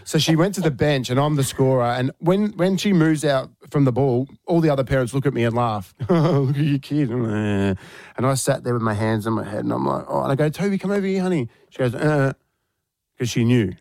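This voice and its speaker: A man's voice: medium pitch, fairly quick, vocal fry, no echo. A male radio host with an Australian accent, telling a story in casual chat and acting out the voices in it. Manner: animated, acts out quoted voices. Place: radio studio.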